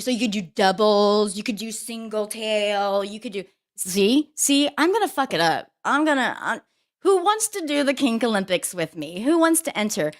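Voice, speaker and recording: A woman with a fairly high voice co-hosts a casual talk show. She talks brashly and swears freely, and she tells her stories with a lot of animation. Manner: brash, profane, animated storytelling. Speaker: co-host.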